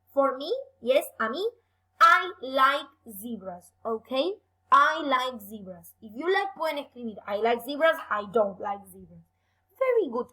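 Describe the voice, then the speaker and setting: A young woman leads a bilingual English lesson for children. Her voice sits high and sounds bright, and her pitch swings widely. She is encouraging throughout and slows down to stress each new word. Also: rough recording. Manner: lively, encouraging, slow careful emphasis on words. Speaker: English teacher.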